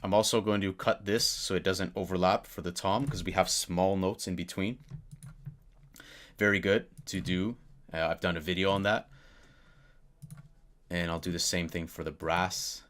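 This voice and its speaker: A man's voice: low-pitched, fairly even intonation, normal speed, long pauses, fairly bright tone, slight background noise. A man casually talking through a music production tutorial at his computer, thinking aloud with fillers. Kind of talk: casual screen-recorded tutorial. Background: keyboard clicks and typing.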